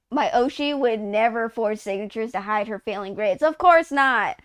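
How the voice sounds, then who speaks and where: A woman's voice: a little high, moderate pace, few pauses, clear, resonant tone, dry recording. A woman in her twenties from Texas, chatting casually on a live stream, rambling, swearing often and saying "like" constantly. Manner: rambling, profane, heavy use of "like".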